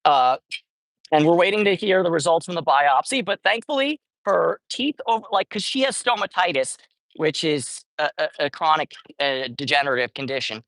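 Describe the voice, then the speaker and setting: A woman's voice: deep voice, moderate pace, a bit bright, no echo. A woman chatting casually on a livestream while feeding street cats, rambling and often correcting herself. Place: outdoors at a street cat feeding spot.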